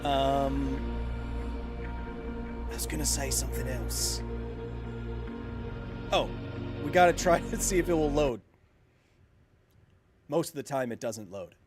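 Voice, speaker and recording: A man's voice: mid-range voice, slow pace, pauses often, over loud music. A man in his thirties live-streaming a video game, chatting casually with viewers in a rambling, self-mocking way. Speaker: streamer playing a video game and answering chat.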